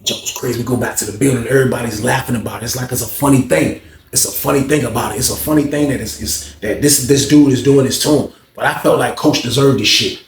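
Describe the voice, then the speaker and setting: A man's voice: medium pitch, fast, slight background noise. Slangy male storyteller, roomy echo. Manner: slangy, animated. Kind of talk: casual storytelling.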